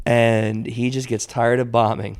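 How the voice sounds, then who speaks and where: A male comedian telling stories in a relaxed podcast chat. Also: medium pitch, unhurried, smooth. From moved to New York at seventeen. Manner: animated storyteller, shouts when quoting. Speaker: stand-up comedian guest. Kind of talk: casual podcast storytelling.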